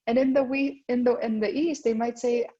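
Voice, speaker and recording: A woman's voice: a little high, steady tone, moderate pace, mellow. A woman giving a presentation to parents as a guest speaker at a school. She often checks in with "right?" and acts out the voices she quotes. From United States. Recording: dull lo-fi sound.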